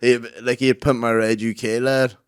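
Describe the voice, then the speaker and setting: A man's voice: mid-range voice, level tone, normal speed, clean tone. A man co-hosting a podcast in casual chat, with blunt, crude banter. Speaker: podcast co-host.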